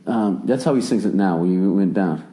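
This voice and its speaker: A man in his forties from the United States, hosting a casual podcast chat and telling stories with lots of swearing and sudden jumps up in pitch when he rants. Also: a little fast. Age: 40s. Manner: profane, animated storyteller who swings his voice up high when ranting. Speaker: podcast host.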